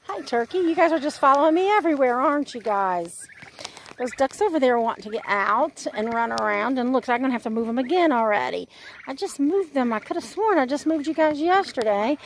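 A woman's voice: a little high, animated, moderate pace, slight background noise. Chatty woman touring her homestead. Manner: chatty, coos at her animals. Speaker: homesteading vlogger. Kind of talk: casual walk-and-talk narration. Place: outdoors on a homestead with poultry.

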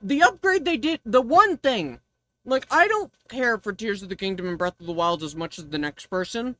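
A woman's voice: mid-range voice, moderate pace, dry recording. A woman streamer chatting casually on a livestream, ranting and swearing freely. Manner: ranting, profane, animated.

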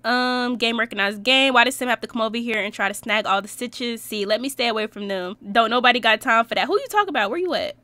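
A young woman casually commenting on her life-simulation gameplay, slangy and animated, reacting and laughing at what happens on screen. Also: fairly high pitch, quick pace, few pauses, no echo. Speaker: Sims let's-play host.

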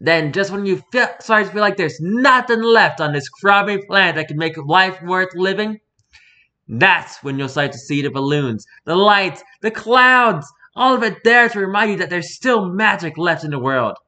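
A man's voice: high-pitched, lively intonation, normal speed, sharp tone, heavily acted. A man voicing a mocking, talkative male circus performer who rambles theatrically, read from an interview. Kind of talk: reading an interview aloud in character.

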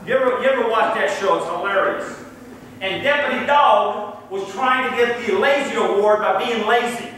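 Man, preacher, very high voice, echoey church hall, heard from a distance. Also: normal speed, a bit bright, slight background noise. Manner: conversational storytelling with the congregation. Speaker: pastor. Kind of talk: sermon. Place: church sanctuary.

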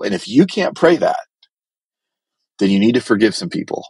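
Blunt low-voiced man preaching. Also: animated, moderate pace, darkish tone, breathy edge, no echo. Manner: blunt, direct and exhorting. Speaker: pastor. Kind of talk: sermon teaching.

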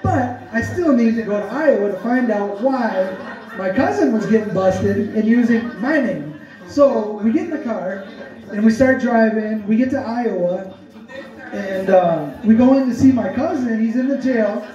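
A man telling a comic story, rambling and animated with many fillers. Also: high-pitched, measured pace. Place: storytelling event hall. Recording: echoey room, distant dull mic.

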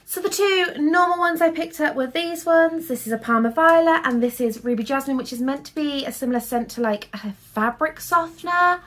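A woman's voice: high voice, fairly quick, few pauses, fairly bright tone. A young woman in a casual haul vlog, talking in a chatty, rambling way full of fillers. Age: young adult. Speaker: vlogger.

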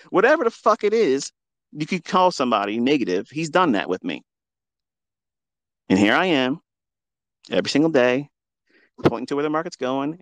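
Over a remote audio call, a man hosting a live audio room delivers a profane ranting monologue. His voice is mid-range with no room sound, and his tone is combative and taunting, packed with heavy swearing.

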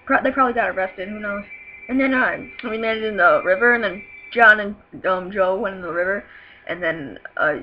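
A woman telling a story in a rambling, profane, giggly way, in casual storytelling. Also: medium pitch. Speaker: vlogger. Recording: muffled lo-fi with faint hiss.

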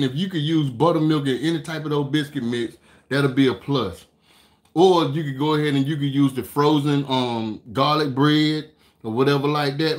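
Folksy chatty man cooking host. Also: fairly high pitch. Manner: folksy, chatty, drawn-out storytelling with lots of "man" and "y'all". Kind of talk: casual cooking talk to viewers.

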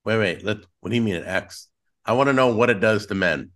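A man with a somewhat low voice hosts a casual conversation. He jokes around and prods his guest with short questions and quick reactions. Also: a bit bright. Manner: joking, prompting the guest. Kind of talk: casual chat.

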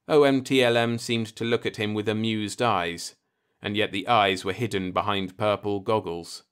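A man narrating a science fiction short story as an audiobook reader, in an even, unhurried storytelling manner. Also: fairly low pitch, clear, resonant tone.

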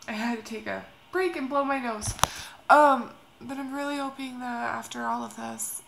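A young woman vlogging about a personal move, tearful and speaking in a halting, hesitant, soft way. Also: a little high, gravelly, slight background noise. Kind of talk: emotional personal vlog.

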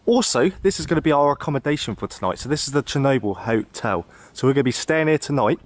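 A man casually narrating a travel vlog outdoors, chatty, excitable and jokey. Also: medium pitch, fast, dry recording. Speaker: vlogger exploring abandoned places. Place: outdoors in an abandoned zone.

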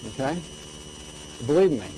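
An older man lectures an audience in a relaxed, conversational way, tagging his points with a quick "okay?". His voice is mellow and sits a little high for a man. A faint hiss runs under the recording. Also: low-quality recording. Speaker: economics lecturer.

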